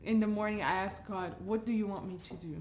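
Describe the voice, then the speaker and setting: A woman's voice: medium pitch, fast talker, slight background noise. Laid-back woman chatting in a kitchen. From Portugal. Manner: relaxed, reflective, laughs often. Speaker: guest singer. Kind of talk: casual chat while cooking. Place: home kitchen. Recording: echoey kitchen, faint sizzling.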